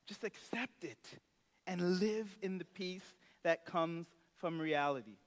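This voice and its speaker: A male pastor delivering a relaxed, conversational sermon in a church sanctuary. His voice sits high, and the reverb of the large hall rings long after each phrase. He slips into short character voices while retelling a story. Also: slow.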